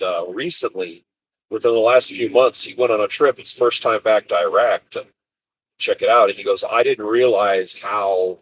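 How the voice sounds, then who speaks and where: An expediter truck driver rides alone on the road, his lowish, slightly bright voice caught on poor audio from inside the vehicle. He rambles casually through a story, restarting sentences often and retelling conversations.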